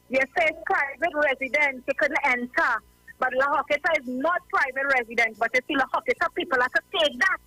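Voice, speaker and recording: Trinidadian woman caller, very high, bright voice, fed up and impassioned, dry sound. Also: no echo, poor audio. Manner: impassioned, fed-up, keeps asking "you understand?". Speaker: radio caller. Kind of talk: call-in radio talk.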